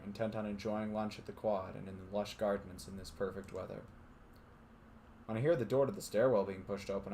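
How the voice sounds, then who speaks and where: A man with a lowish, darkish voice and some vocal fry streams alongside friends, reading visual novel narration steadily aloud. Between passages he breaks into laughter and casual banter, with slight background noise present.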